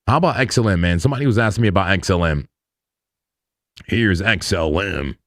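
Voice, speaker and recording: Low-voiced and fairly quick, this man hosts a live crypto trading stream with studio-quality sound and no room noise. He chats loosely through the charts, using slang and laughing frequently.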